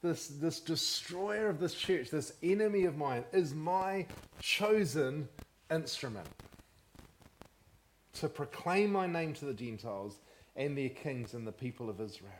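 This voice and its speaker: Pastor, male, slightly higher voice, lively preaching delivery that keeps asking the congregation questions. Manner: animated, asks the congregation questions. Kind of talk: sermon.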